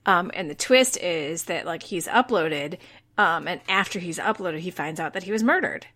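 A woman's voice: fairly low pitch, lively intonation, moderate pace, fairly bright tone. Conversational woman podcaster. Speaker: podcast co-host. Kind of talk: casual chat.

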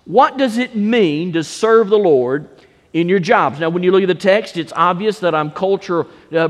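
A pastor delivers a sermon in a high, carrying voice. He stretches important words out slowly for emphasis. His voice rings through a large space with a long reverb tail. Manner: preaching with dramatic slow emphasis.

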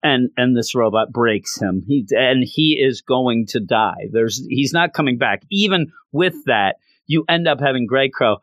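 A man giving a casual recap of a story, animated and often restarting his sentences. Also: mid-range voice, a little slow, hardly any pauses, no echo. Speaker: comic book commentator.

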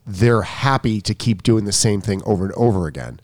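A coach in a casual discussion, a man who interjects quickly and thinks out loud. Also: fairly low pitch, expressive, no echo.

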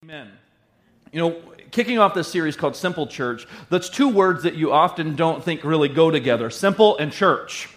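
A man's voice: fairly high pitch, animated, moderate pace, faint music behind. A middle-aged male pastor preaching a sermon in a playful way, repeating lines for emphasis.

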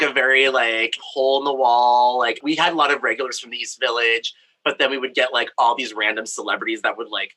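A man's voice: medium pitch, bright, forceful tone, poor audio. A young man from Brazil, a storyteller with a campy, candid, playful way of talking, recording in a home craft studio. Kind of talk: personal storytelling.

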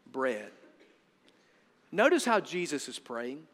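Middle-aged male pastor, bright, slightly high voice, punchy preaching, long hall reverb. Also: big pitch swings, moderate pace. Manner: emphatic preaching with swings from loud to hushed. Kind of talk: sermon.

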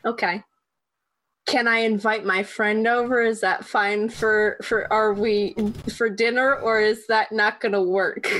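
A woman playing her character in a tabletop game, speaking haltingly with pauses and fillers. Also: medium pitch, fairly even intonation, a bit bright, low-quality recording. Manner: halting, hesitant. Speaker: player.

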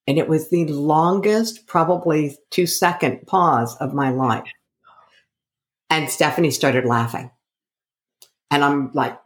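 A woman's voice: low voice, slow pace, long pauses. A middle-aged woman from the United States, a coach being interviewed, who tells her story with energy and acts out the dialogue she quotes. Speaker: guest, coach.

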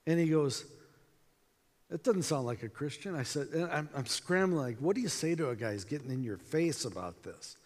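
A man giving a storytelling talk to a conference audience, acting out dialogue in an animated way, with reverb from a hall. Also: on the high side, a little fast, few pauses. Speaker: conference speaker.

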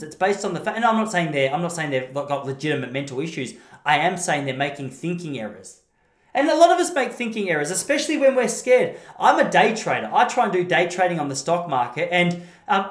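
An Australian man giving a blunt, rambling, opinionated monologue and often correcting himself. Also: a little high. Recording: roomy echo.

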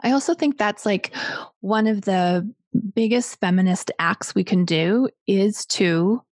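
A woman's voice: medium pitch, unhurried, a little mellow, no echo, studio quality. A woman co-hosting a podcast, speaking earnestly and with emphasis in casual conversation. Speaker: podcast co-host.

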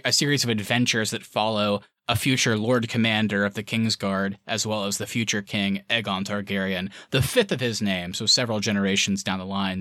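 A man's voice: lowish voice, pushed and bright, dry recording, clean studio sound. A man co-hosting a casual fan discussion podcast, chatty and rambling, with lots of fillers. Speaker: podcast co-host.

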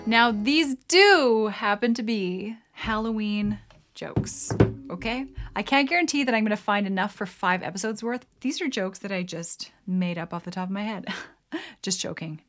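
A woman's voice: mid-range voice, animated, moderate pace, music in the background. Giggly, chatty female vlog host; casual joke-telling delivery. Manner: giggly, laughs often mid-sentence; chatty, self-deprecating. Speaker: channel host.

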